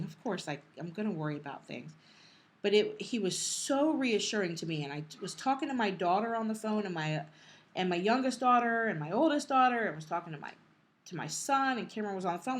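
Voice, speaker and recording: A middle-aged woman co-hosting a podcast, telling a personal story in a casual, emotional way, often halting and restarting and quoting what others said. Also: mid-range voice, animated. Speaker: podcast co-host.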